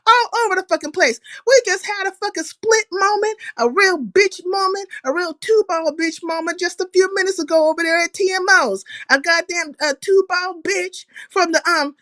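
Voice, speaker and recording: A woman hosts a casual livestream, her voice pitched high. She curses freely, shouts out viewers by name and tells the chat about online drama. The sound is close and dry. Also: normal speed, hardly any pauses, dry recording. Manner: profane, animated, greets chat viewers by name. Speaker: livestream host.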